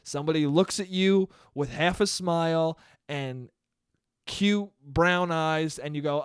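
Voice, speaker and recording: Recorded in clean studio sound with no room sound, a young man speaks slowly in an animated, highish, clean voice. He's alone on his podcast, rambling casually, cursing, breaking off mid-thought, and frequently laughing.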